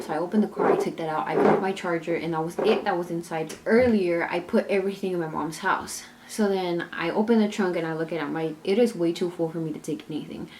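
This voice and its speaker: A woman's voice: on the low side, very noisy. A young woman, a mother and vlogger, chatting through a storytime and acting out every exchange with lots of "like.". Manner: chatty, retells scenes with many "like"s and quoted dialogue. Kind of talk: casual storytime vlog.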